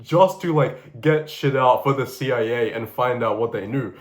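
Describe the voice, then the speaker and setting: A young man casually recounting a strange story, excitable and profane, often laughing as he goes. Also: medium pitch, normal speed, few pauses. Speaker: vlogger.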